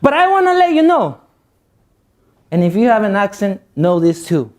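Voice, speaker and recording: A young male motivational speaker with a non-native accent addresses a youth audience. His voice sits high and rises and falls with lively swings. He repeats phrases for emphasis and mixes in jokes. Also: moderate pace.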